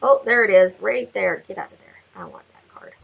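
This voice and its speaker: A woman giving a chatty tarot card reading, laughing often and talking to viewers in animated asides. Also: mid-range voice, a little fast, vocal fry, lo-fi sound. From Canada. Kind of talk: casual tarot reading vlog. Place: home with window view.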